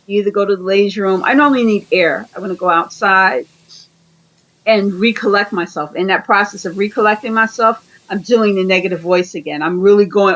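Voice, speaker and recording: A woman's voice: medium pitch, moderate pace, a bit bright, rough recording. A woman being interviewed, giving earnest conversational coaching advice and often repeating her phrases. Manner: earnest, repeats phrases, acts out quoted dialogue. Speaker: interview guest.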